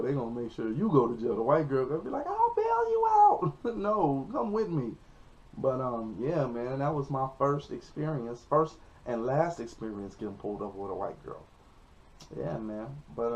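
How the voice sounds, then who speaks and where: A young man tells a story in casual vlog style, animated and leaping into high yelps when he acts out quotes. His voice is gravelly with some fry. The recording is dull and lo-fi. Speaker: comedian telling a story.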